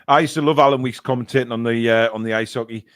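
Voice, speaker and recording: A man's voice: mid-range voice, fairly even intonation, quick pace, clean tone, dry recording. A man in his fifties hosting a live stream, rambling through comments with many fillers and restarts. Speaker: host. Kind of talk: live stream chat, reading viewer comments.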